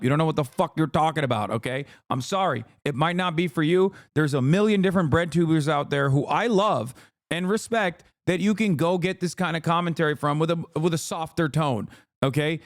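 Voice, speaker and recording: A man hosting a livestream, giving heated political commentary in a loud, profane, ranting way. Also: fairly high pitch, a little fast, no room sound, clean studio sound. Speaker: livestream host reacting to clips.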